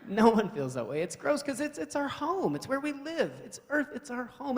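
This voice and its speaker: A man's voice: extremely high pitch, very animated, normal speed. A man doing live stand-up comedy in a wry, rambling, self-mocking way, at a live event hall.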